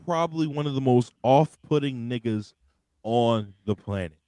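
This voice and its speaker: A man's voice: medium pitch, moderate pace, clear, resonant tone, dry recording. A young man, co-hosting a wrestling show in casual, profane, rambling chat. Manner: animated, profane, rambling with restarts. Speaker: wrestling podcast co-host.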